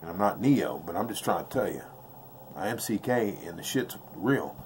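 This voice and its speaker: Blunt, slangy low-voiced man teaching dice throws. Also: lively intonation, normal speed, slight background noise. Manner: slangy, blunt, intense, repeats himself. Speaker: craps dice-control instructor. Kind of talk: casual tabletop tutorial. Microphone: off-camera voice, face never shown.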